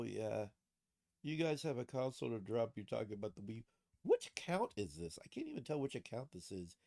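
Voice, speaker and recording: With a medium-pitched, gravelly, slightly mellow voice, this man offers casual livestream commentary late at night. He riffs profanely on posts and frequently cracks himself up.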